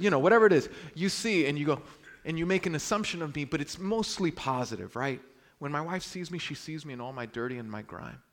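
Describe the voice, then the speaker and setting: A young adult man from Brooklyn preaching a sermon, telling stories with dramatic swings between loud exclamations and hushed, quiet lines. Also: a little high.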